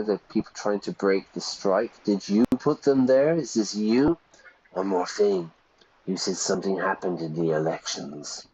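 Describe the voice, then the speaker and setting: A man's voice: on the low side, darkish tone, husky, dull audio. A man hosting a game stream as an English teacher, explaining words with everyday examples and reading game lines aloud. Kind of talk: let's play commentary teaching vocabulary.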